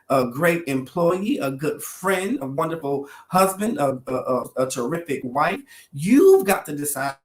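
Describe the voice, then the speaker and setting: A man's voice: a little high, echoey room. A man, talking to camera about his own life in an emotional, preacherly way and calling his viewers y'all. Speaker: vlogger sharing his life story. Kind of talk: heartfelt personal vlog to camera.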